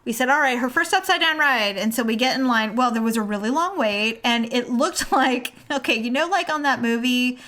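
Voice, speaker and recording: A middle-aged woman with a somewhat high voice, co-hosting a relaxed podcast chat. She tells stories in an animated way and slips into the voices of the people she quotes. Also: fairly quick, hardly any pauses. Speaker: podcast co-host. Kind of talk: casual chat.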